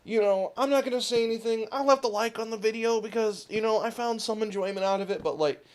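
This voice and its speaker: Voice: medium pitch, quick pace. A gaming channel host ranting casually over gameplay, rambling and swearing freely, with frequent laughs.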